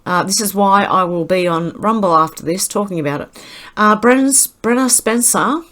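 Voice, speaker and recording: A woman's voice: mid-range voice, fairly bright tone. A woman with an Australian accent, hosting her channel and reading out posts in casual, rambling commentary full of fillers and restarts. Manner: rambling, halting, with many fillers.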